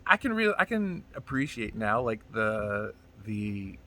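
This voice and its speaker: A man in his forties, a comedian, tells a rambling, profane personal story in a casual, animated monologue. His voice is on the low side and a little slow, with a bit of hiss or hum in the recording.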